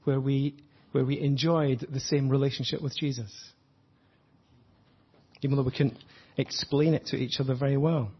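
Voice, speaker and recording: A man preaching an earnest, reflective sermon, slowing down to stress his points. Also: medium pitch, fairly even intonation, breathy edge, dull audio. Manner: earnest, reflective, slows for emphasis.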